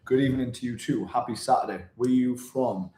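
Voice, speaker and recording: A Welsh man hosting a relaxed livestream, chatting with viewers and reading out their comments. His voice is mellow and dark, with a mid-range pitch. The room is echoey. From Wales. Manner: chatty, reads out viewer comments, tries halting Spanish. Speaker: vlogger on a livestream. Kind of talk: casual livestream chat. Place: indoors in Bangkok.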